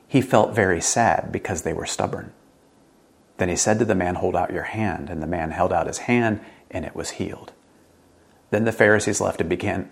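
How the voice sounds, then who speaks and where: A man preaching a sermon in an earnest way, rising to emphatic questions and dropping low and quiet. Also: vocal fry. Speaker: pastor.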